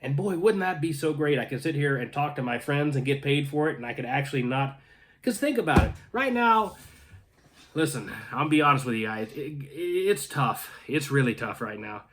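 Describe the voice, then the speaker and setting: Recorded with a little hiss or hum, the host speaks at normal speed in a fairly high, fairly bright voice with lively intonation. He's a North Carolina man at home in Canada, chatting with viewers, reading their comments, joking and restarting often.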